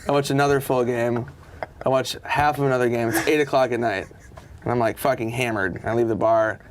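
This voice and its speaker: A man's voice: mid-range voice, fairly even intonation, a little fast, slight background noise. A middle-aged man, a guest comedian, telling casual profane anecdotes and acting out other people's lines with a rising voice.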